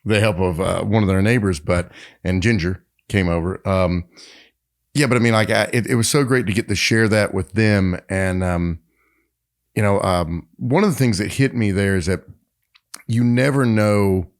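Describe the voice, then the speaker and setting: A man from Tennessee, in the United States, co-hosts a podcast and tells stories in a casual chat. His voice sits on the low side and moves at a moderate pace. He's an animated storyteller who uses lots of fillers and often restarts his sentences.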